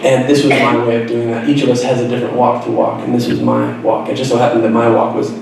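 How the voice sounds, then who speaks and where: A man's voice: medium pitch, little pitch movement, quick pace, creaky, recorded from a distance, background noise. Man speaking in a very echoey hall. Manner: earnest, reflective, self-deprecating humor. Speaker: author giving a school talk. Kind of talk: personal storytelling speech. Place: school auditorium.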